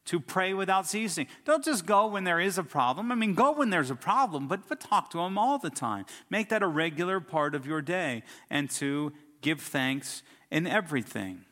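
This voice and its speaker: A man's voice: high voice, lively intonation, normal speed, few pauses, bright, forceful tone, long reverb tail. A middle-aged man preaching a sermon as a pastor, telling stories and building emphatic lists. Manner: storytelling preacher, emphatic lists and rising outbursts.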